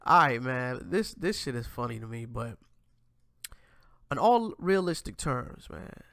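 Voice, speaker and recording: A man talks through clips on his commentary show, speaking straight to his viewers in slangy, profane language. His voice is gravelly and swoops up and down with animated pitch. The recording is dry and close, with no room sound. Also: measured pace, no echo. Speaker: host. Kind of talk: casual commentary reacting to clips.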